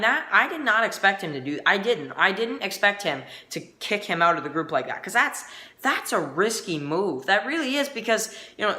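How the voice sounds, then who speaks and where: A man talks through a TV episode review in a loose, rambling way, stopping and restarting his sentences often. His voice has a bright, forceful edge. The sound carries a noticeable roomy echo. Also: a little high. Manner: rambling, halting, full of restarts. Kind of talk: casual spoken review.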